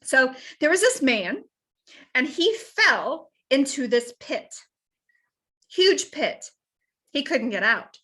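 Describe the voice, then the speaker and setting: A woman health coach giving an energetic, folksy motivational talk. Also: high voice, slow, pauses often.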